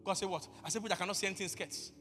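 A pastor preaching a sermon, bursting into shouts and acting out conversations with God. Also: male voice, high-pitched, steady tone, rapid-fire, in a large hall, soft background music. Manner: acts out dialogues with God.

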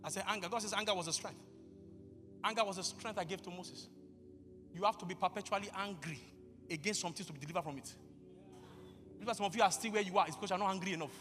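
A man preaching with a high, bright voice that keeps jumping into shouts, acting out his talks with God. He sounds like he's in a big reverberant hall, with faint music behind him. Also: quick pace, long pauses. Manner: acts out dialogues with God. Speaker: pastor. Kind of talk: sermon.

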